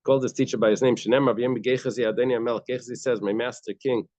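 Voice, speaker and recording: A man's voice: medium pitch, steady tone, very fast, darkish tone, no room sound. A man teaching a daily Talmud class, reading short bits of Aramaic and then explaining them in casual, conversational English.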